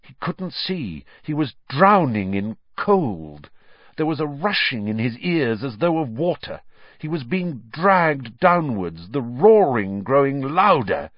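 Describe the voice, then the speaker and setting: Slow, dramatic male audiobook narrator. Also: medium pitch, big pitch swings, no room sound, lo-fi sound. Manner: dramatic, suspenseful storytelling. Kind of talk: scripted narration.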